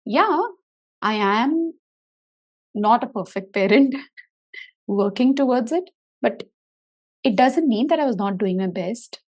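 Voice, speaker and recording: Expressive woman therapist, higher voice. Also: slow pace, pauses often. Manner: expressive, acts out her inner voice with big pitch swings. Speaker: therapist for autistic children. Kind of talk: motivational talk to parents.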